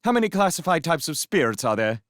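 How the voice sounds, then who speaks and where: A man voicing a smug, sneering young male magician who talks in a mocking, sharp-edged way. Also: mid-range voice, very animated, moderate pace, no room sound, clean studio sound, voice pushed up, close to an everyday voice. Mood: quizzing.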